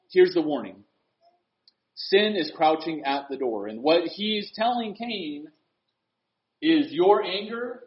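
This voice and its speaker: A man preaching a sermon, swinging from loud, emphatic lines to hushed, earnest asides. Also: on the high side, animated, a little slow, dull audio.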